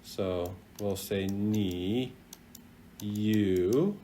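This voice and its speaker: A man teaching a casual video language lesson, chatty and animated, drawing out sounds as he demonstrates them. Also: lowish voice, a little hiss or hum. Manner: lively, chatty, drawn-out demonstration of tones.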